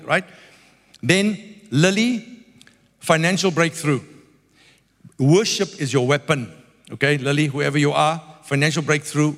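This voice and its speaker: A man preaching a sermon, telling stories with lively quoted dialogue. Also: on the high side. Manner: animated storytelling with quoted dialogue. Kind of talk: sermon with storytelling. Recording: long hall reverb.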